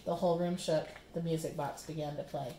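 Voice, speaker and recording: A woman's voice: low voice, fairly quick, a little hiss or hum. Woman reading a children's book. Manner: lively, expressive storybook narration. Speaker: storyteller. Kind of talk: children's book read-aloud. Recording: roomy.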